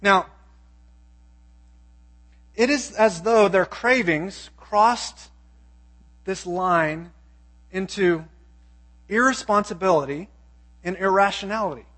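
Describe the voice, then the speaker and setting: A man's voice: sits high, slow, pauses often, a bit bright. A man preaching a sermon, reading scripture and asking his listeners pointed questions. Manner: emphatic, asks the audience questions.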